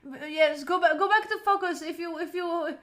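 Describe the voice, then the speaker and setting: A young woman streaming a game, reacting excitedly, repeating words in bursts, swearing and talking to her chat. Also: very high voice, normal speed. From Italy. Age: young adult. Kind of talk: live gameplay reactions. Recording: clear background noise.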